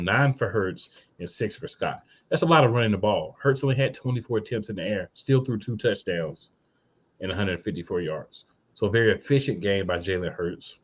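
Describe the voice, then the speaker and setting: Male podcast co-host, very low voice, blunt and fired-up fan energy, slightly dull lo-fi sound. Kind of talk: casual sports podcast chat.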